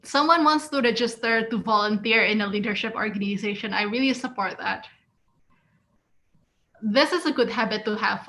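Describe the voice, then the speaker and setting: A woman's voice: fairly high pitch, pushed and bright. A woman giving an encouraging webinar talk as guest speaker, reading out and answering audience responses. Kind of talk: webinar presentation.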